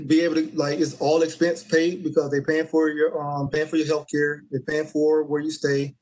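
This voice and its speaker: A young man, an Army staff sergeant, answering interview questions in a relaxed way with many fillers and restarts. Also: fairly high pitch, normal speed, a little hiss or hum, poor audio.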